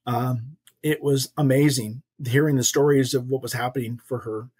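A man's voice: mid-range voice, steady tone, normal speed, a little mellow, husky. An older man, a podcast guest, earnestly telling a personal faith story in a folksy way. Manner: earnest, folksy storyteller acting out quoted voices. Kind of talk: storytelling testimony.

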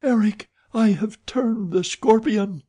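A terrified young woman pleading in a high, strained voice, put on by a male audiobook reader. Her voice is raised well above his own, with a husky edge. It is an audiobook character reading. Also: very animated, slow pace, darkish tone, exaggerated voice.

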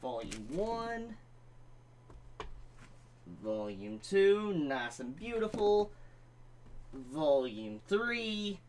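Animated woman, stammering and swearing. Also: on the low side, very slow, long pauses, a little hiss or hum. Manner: stammering repeats, frequent swearing; exasperated, animated storytelling. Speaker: manga reviewer. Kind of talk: casual to-camera vlog.

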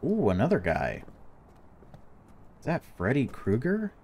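A man's voice: mid-range voice, huge pitch swings, unhurried, a little mellow, slight background noise. A man giving let's-play commentary on a horror game, jumpy and reactive, swearing when startled. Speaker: gaming YouTuber.

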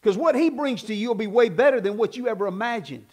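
A man preaching a sermon as pastor, with a folksy, conversational delivery that builds to loud emphatic passages. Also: very high-pitched, quick pace, few pauses. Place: church sanctuary.

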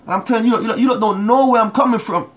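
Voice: mid-range voice, racing. Preacher telling a testimony, emphatic, stumbles and repeats words, keeps asking the crowd for amen. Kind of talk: sermon with personal testimony.

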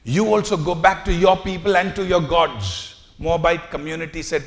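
A man preaching a sermon, acting out the lines he quotes, swinging from soft asides to loud calls. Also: a little high, moderate pace, few pauses. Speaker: pastor.

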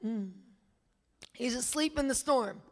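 A woman's voice: fairly high pitch, slow pace, darkish tone, big-room sound. A woman minister preaching a sermon, emphatic and full of rhetorical questions to her listeners. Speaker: guest minister teaching.

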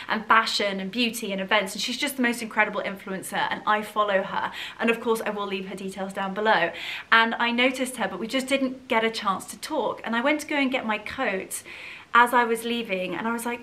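A woman talks to her viewers in a casual vlog, chatty and effusive, full of little asides. Her voice is bright and ringing, at a middle pitch. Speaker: vlogger. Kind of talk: casual chat to camera.

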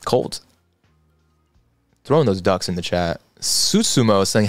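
A low-pitched man hosts a casual livestream, reading out viewer comments in a relaxed, chatty way. Soft music plays faintly behind him. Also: a little slow, long pauses, no echo, studio quality. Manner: relaxed, reads chat aloud, chatty asides. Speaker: livestream host.

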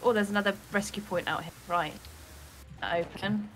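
A woman's voice: mid-range voice, fairly even intonation, normal speed, a little hiss or hum. A young woman co-hosting a livestream, chatting casually and giggling while playing a co-op game. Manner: giggly, squeals when panicked. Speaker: co-host of a gaming livestream. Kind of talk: casual gameplay chat.

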